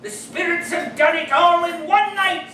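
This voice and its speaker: An actor playing the old miser Scrooge, now reformed, gushing and laughing in a live staged radio play. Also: male voice, very high-pitched, steady tone, a little slow, pushed and bright, exaggerated voice. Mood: jovial. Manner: breathless, gushing, laughing between phrases. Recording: echoey room, heard from far off with music.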